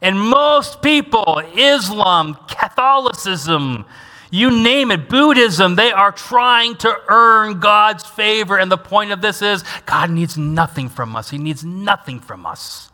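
A man preaching a sermon from the pulpit, his voice sitting fairly high and sounding bright and forceful. He hammers home key lines and has the congregation repeat them. The sound carries a long reverb from a large church hall. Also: expressive, slow. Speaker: pastor. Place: church sanctuary.

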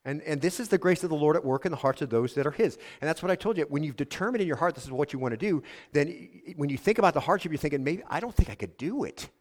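A man preaching a sermon, earnestly asking his congregation questions and reading a letter aloud in a softer tone. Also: on the high side, rapid-fire, few pauses. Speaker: pastor.

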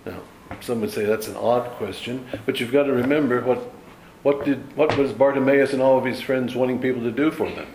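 A man's voice: medium pitch, fairly quick, darkish tone, roomy sound, a little hiss or hum, poor audio. A man giving an informal Bible study in a loose, conversational way, dropping frequent asides to his listeners. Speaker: Bible teacher.

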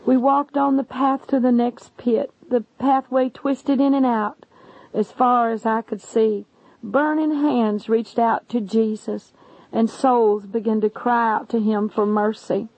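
A woman's voice: a little high, darkish tone, no echo. A woman preacher earnestly narrating a testimony sermon, addressing listeners as friends. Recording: dull lo-fi recording.

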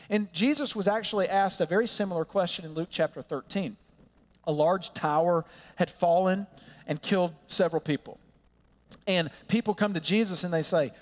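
A high-pitched man delivers an earnest, impassioned sermon, slowing to lean on key words. His voice rings with a long reverb, as in a church hall. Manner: earnest, impassioned preaching with slow emphatic pauses. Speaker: pastor.

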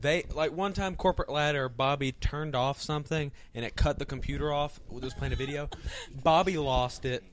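Animated higher-voiced man telling stories. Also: normal speed. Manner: animated, laughing as he tells stories. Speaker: wrestler and podcast guest. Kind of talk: casual storytelling chat.

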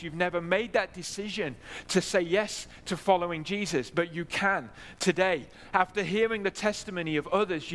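A man's voice: high voice, a bit bright. A man preaching a sermon in a church, earnest, repeating key phrases for emphasis. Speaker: pastor. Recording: long hall reverb.

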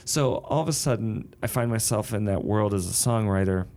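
A man with a lowish voice talks casually about writing songs and books. He explains his ideas patiently, working through examples aloud. The tone is relaxed and conversational. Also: normal speed. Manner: thoughtful, explains with sung rhythms and examples. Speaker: songwriter and novelist.

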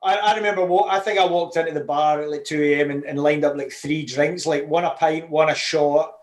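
A man's voice: on the high side, fairly even intonation, brisk. A Scottish man hosting a casual chat, telling stories with frequent laughs. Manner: laughing, chatty storyteller. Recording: roomy echo.

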